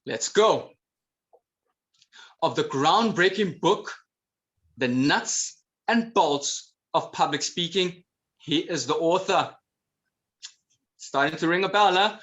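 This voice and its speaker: A man's voice: a little high, animated, takes it slowly, pauses often, fairly bright tone. Upbeat man hosting an event. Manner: exclamatory, playful quizzing. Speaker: event host. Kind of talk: enthusiastic emcee patter.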